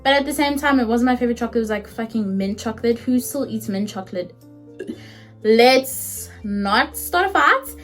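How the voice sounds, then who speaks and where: A woman's voice: fairly high pitch, rapid-fire, few pauses, soft background music. Chatty young South African woman. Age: 20s. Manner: chatty, animated, swears freely. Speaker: vlogger. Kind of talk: casual storytime.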